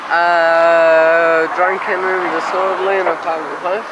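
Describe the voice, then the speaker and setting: A man's voice: on the high side, level tone, a little slow, lo-fi sound. A drunk man, rambling and repeating his story to police on a city street. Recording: loud street and vehicle noise.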